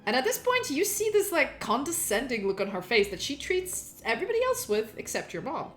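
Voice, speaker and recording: A woman running a tabletop game, describing scenes in a relaxed storytelling way. Her voice sits a little high. Soft music plays beneath her. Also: brisk. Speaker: game master.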